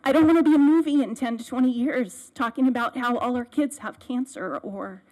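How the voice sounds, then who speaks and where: A nervous woman speaks at a council podium, her mellow, slightly high voice shaking. She talks as a worried parent pressing the council to act. She sounds like someone who dislikes public speaking. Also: brisk. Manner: nervous, shaky voice. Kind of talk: public comment at a council meeting. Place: city council chamber.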